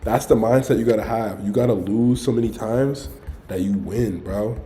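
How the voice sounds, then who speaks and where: A man's voice: fairly low pitch, moderate pace, dark tone, a little hiss or hum. A young man on a casual livestream, telling a dating story in a loose, rambling way and saying "bro" constantly. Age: young adult. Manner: rambling, self-interrupting. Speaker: streamer.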